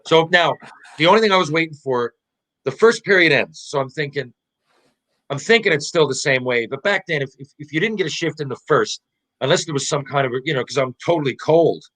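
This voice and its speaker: A man's voice: mid-range voice, fast talker, fairly bright tone, low-quality recording. Rambling, profane man telling a hockey story. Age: 40s. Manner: rambling, profane, laughing anecdote-teller with many restarts. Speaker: podcast guest, former hockey player. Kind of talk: casual storytelling.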